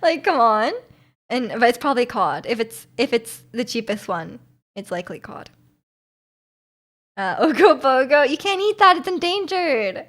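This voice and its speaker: A woman's voice: a little high, animated, moderate pace, fairly bright tone. A woman, from Vancouver, chatting casually with her stream viewers in a rambling, giggly way full of fillers. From Vancouver, Canada.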